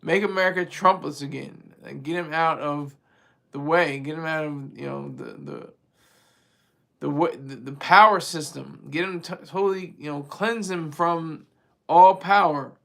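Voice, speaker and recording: Animated man rambling through political commentary. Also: fairly high pitch, measured pace, gravelly. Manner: animated, rambling, frequent restarts. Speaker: vlog host.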